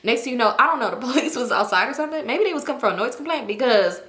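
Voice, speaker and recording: A young woman tells a story in a bright, slightly high voice, loose and profane. She talks casually and animatedly, laughing along as she goes. Her voice carries a roomy echo. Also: animated, rapid-fire. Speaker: storytime vlogger.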